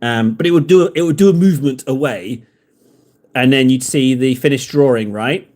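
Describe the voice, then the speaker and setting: A man's voice: mid-range voice, moderate pace, darkish tone. A man chatting casually and rambling in jokes to his viewers while he paints models on a live stream. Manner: rambling, jokey, talks to viewers in chat.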